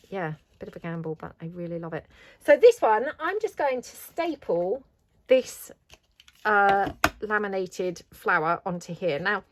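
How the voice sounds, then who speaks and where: A woman's voice: lowish voice, slight background noise. A middle-aged British woman chatting casually while she crafts, rambling and self-deprecating. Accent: British English. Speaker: craft vlogger.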